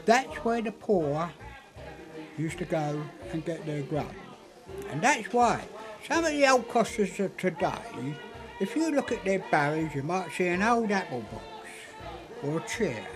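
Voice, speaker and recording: This is an older man from London with a broad Cockney accent, talking casually and cheekily about old traditions. His pitch swings widely and sits a touch high, and faint music plays beneath his voice. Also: very animated, a little slow, crowd noise. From London, England. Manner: chatty, cheeky, flirtatious. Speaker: interviewee. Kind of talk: casual storytelling.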